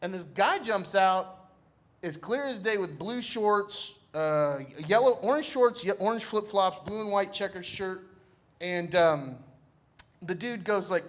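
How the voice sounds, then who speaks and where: High-voiced man telling a story live. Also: expressive, a little slow, a bit bright. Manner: casual, slangy, laid-back. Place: church event stage.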